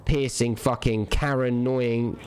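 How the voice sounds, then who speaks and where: A man's voice: medium pitch, steady tone, measured pace, noisy background. Rambling, profane male game streamer. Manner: rambling, profane, repeats himself. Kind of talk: casual ranting while streaming.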